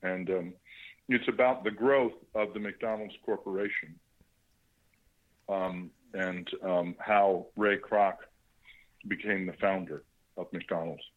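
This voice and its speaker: A man phoning in to a talk show, his voice low-pitched and a bit muffled by the line. He rambles casually with lots of fillers and chuckles as he tells stories. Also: fairly even intonation, slow, pauses often. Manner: rambling, laughing, with many fillers. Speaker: actor guest. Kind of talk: casual phone interview. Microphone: phone line. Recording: dull phone line.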